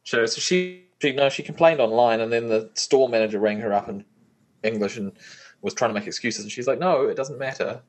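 A man's voice: mid-range voice, fairly quick. A man, co-hosting a casual podcast chat in a blunt, profane way over an online call. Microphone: online call mic.

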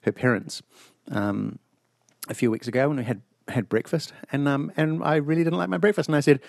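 A New man hosts a loose podcast conversation, swearing freely and acting out his stories with lively energy. His voice has a gravelly edge and sounds dry and close, with no room around it. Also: fairly high pitch, fast, no room sound. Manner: profane, animated storytelling. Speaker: podcast host. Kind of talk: casual chat. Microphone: online call mic.

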